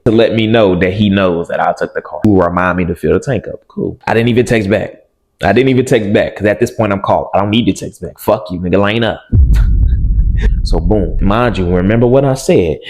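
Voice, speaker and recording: A young man telling a story to his camera in loose slang, swearing a lot and breaking into loud yelling. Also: lowish voice, gravelly. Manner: animated, swears a lot, yells in bursts. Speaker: storytime vlogger.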